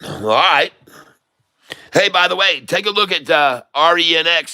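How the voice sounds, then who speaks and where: A man's voice: on the high side, lively intonation, unhurried, pushed and bright. A man hosting a casual day-trading livestream, talking in a folksy, joking, rambling way.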